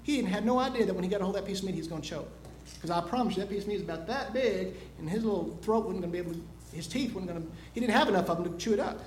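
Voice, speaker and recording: A man preaching a sermon, moving from a homely told story to loud, emphatic preaching. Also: high-pitched, racing, echoey room.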